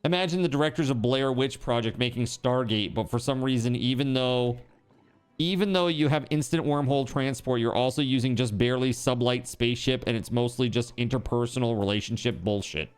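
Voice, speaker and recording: A man's voice: mid-range voice, brisk, smooth, soft background music. A man streaming a game, chatting casually in a rambling, joking way, swearing now and then and packing his talk with fillers.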